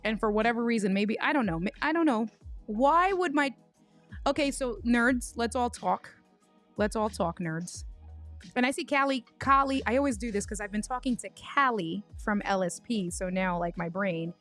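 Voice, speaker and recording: A young woman with a fairly high voice hosts a casual livestream. She tells her stories in an animated way, restarting her sentences often and calling out to chat viewers by name. Faint music plays underneath. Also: moderate pace. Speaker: livestream host.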